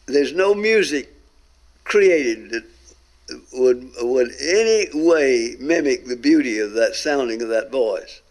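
A man's voice: mid-range voice, animated, takes it slowly. A man earnestly tells his testimony as a guest, stretching out emphatic phrases. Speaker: guest telling a near-death experience. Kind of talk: recorded testimony talk.

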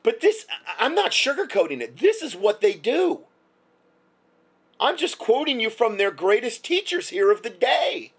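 A man's voice: extremely high pitch, sing-song, measured pace, slightly rough. A male commentator delivering a heated, sarcastic opinion rant, stumbling through repeated restarts.

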